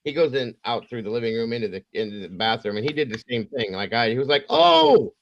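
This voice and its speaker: A man's voice: mid-range voice, quick pace, no echo, muffled recording. A man hosting a casual livestream, rambling and acting out the voices in his stories. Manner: rambling, animated storyteller acting out quotes. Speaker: true crime livestream host.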